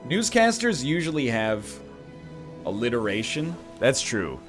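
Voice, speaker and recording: A man's voice: medium pitch, very animated, unhurried, faint music behind. A man from Canada giving casual gameplay commentary as a streamer, rambling with joking asides. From Canada (Ontario).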